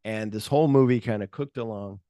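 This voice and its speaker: A man's voice: fairly low pitch, fairly quick, warm tone, dry recording, studio quality. A man co-hosting a podcast, retelling movie scenes animatedly, acting out the quotes and swearing freely. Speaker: podcast co-host. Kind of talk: casual movie chat.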